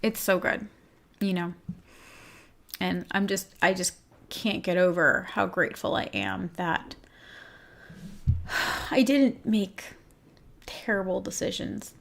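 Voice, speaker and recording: A woman's voice: medium pitch, expressive, slow pace, gravelly, long pauses, a bit bright. A woman hosting a livestream for groomers, speaking candidly and emotionally while teary-eyed, reading viewers' comments aloud. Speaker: host of a groomer business show.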